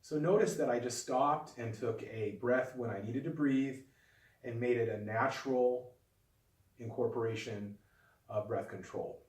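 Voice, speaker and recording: Calm man teaching in an echoey room. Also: medium pitch, unhurried, far from the mic. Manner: calm, patient, demonstrative explaining. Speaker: flute teacher. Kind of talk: instructional video lesson. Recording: echoey room, voice a bit off-mic.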